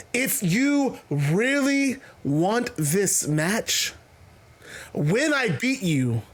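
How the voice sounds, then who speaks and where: A man's voice: sits high, full character voice. A man voicing a scheming male wrestler who taunts his rival in a smug, mocking tone.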